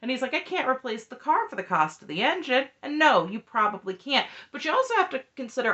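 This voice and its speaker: Woman, recap vlogger, chatty, opinionated, animated pitch, muffled lo-fi sound. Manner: chatty, opinionated, repeats "just saying" and "I don't know".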